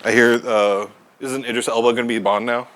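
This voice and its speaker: A man's voice: medium pitch, little pitch movement, fairly quick, fairly bright tone. Joking man co-hosting a game stream. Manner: joking storyteller, acts out quotes. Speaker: co-host. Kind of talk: casual gaming stream chat.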